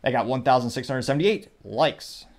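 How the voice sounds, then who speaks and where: Guy host reading memes and comments out loud, wry and rambly, middle pitch. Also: moderate pace. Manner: chatty, wry, rambling asides. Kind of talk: casual commentary reading social media posts.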